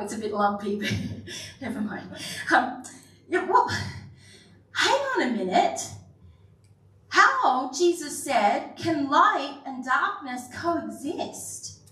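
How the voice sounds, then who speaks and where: A woman pastor preaching in a high voice, unhurried and earnest, slipping into stories and little jokes at her own expense. She is heard from a distance in an echoey church hall, with a faint hum of the room behind her. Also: very animated, fairly bright tone. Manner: earnest, storytelling, with self-deprecating asides. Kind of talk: sermon.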